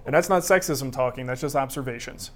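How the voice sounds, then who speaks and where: A man's voice: medium pitch, brisk, a little hiss or hum. A middle-aged man co-hosting a woodworking live show, chatty, joking and self-mocking. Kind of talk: casual live-stream banter.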